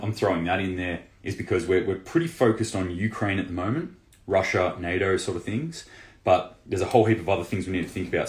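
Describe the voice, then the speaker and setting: A man hosting a casual news roundup for a prepping channel, loose and conversational with lots of fillers and restarts. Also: sits low. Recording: roomy echo.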